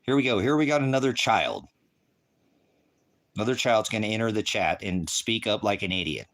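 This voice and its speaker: His voice sits on the low side and sounds animated and fairly bright, at a normal speed. He's an American man preaching on a livestream, rambling repetitively while swearing at and insulting the chat in a combative rant.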